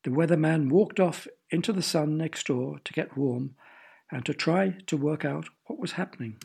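A man reading a children's story aloud with gentle, playful storytelling. His voice is gravelly and husky, sitting a little high for a man, and he stops now and then to ask the listener questions. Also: moderate pace. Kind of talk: storybook narration.

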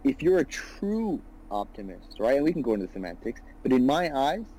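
A young man in his twenties chatting on a podcast about his own venture. His voice is mellow and a little husky, and he talks earnestly, circling back on himself and tagging his points with "you know" and "right". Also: medium pitch, sing-song, brisk, poor audio. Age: 20s. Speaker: business founder guest. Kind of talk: casual podcast conversation.

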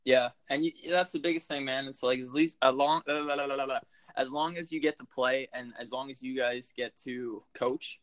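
A man in casual podcast banter, telling crude jokes with easy confidence. He speaks at an average pitch. The sound is dry and close. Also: steady tone, normal speed, few pauses, fairly bright tone, dry recording. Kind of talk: casual chat.

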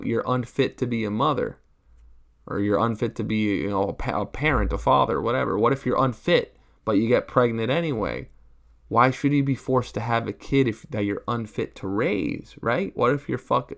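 A man's voice: medium pitch, creaky. A man in a profane stand-up rant, rambling and crude, peppering his talk with rhetorical asides. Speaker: comedian.

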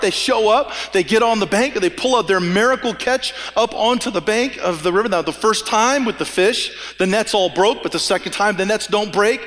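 Pastor guy preaching, fairly high voice, casual storyteller, long hall echo. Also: fairly bright tone. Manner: storytelling, acts out dialogue with a conversational tone. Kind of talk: sermon. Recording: long reverb of a church hall.

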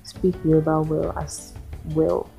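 A woman's voice: sits low, takes it slowly, creaky, warm tone, faint music behind. A young Nigerian woman hosting a solo podcast, ranting and firing off exasperated rhetorical questions in a Nigerian accent. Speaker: podcast host.

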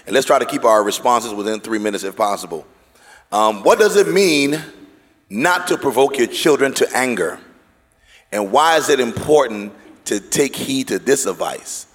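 A man moderating a church panel discussion, animated and joking, with an audience listening. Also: medium pitch, normal speed, in a large hall. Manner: animated, joking, mimics accents for laughs.

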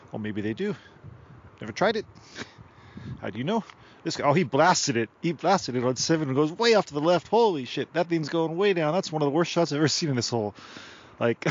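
A man's voice: a little high, highs cut off, slight background noise, pitched above the performer's own voice, close to an everyday voice. A man doing a rowdy, foul-mouthed golf commentator. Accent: put-on loose Australian. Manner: profane, rowdy play-by-play. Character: crude excitable male sports commentator. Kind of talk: mock sports commentary. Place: outdoors beside a park golf course.

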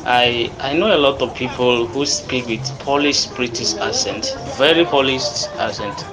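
A man at mid pitch answers a street interviewer calmly and with care. Clear music plays under his voice. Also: measured pace, poor audio.

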